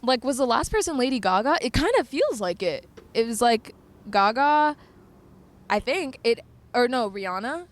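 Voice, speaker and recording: A young woman from North Carolina, vlogging and telling a story in a chatty, animated way, with lots of "like" and frequent laughter. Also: on the high side, normal speed. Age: young adult. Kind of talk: casual storytelling chat.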